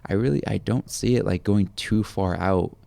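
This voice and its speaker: A man's voice: lowish voice, moderate pace, vocal fry, warm tone, no echo. A man co-hosting a podcast in casual chat, rambling with many fillers and teasing his friends. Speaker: podcast co-host.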